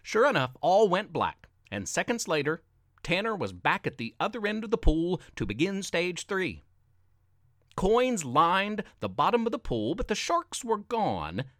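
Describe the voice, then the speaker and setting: Guy reading an adventure story, slightly high voice, super expressive, takes his time. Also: unhurried, no room sound, studio quality. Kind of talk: read-aloud story narration.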